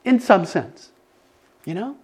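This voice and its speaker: Excitable older male preacher. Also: high-pitched, slow pace, husky. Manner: animated, excitable, many restarts. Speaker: pastor. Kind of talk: conversational sermon.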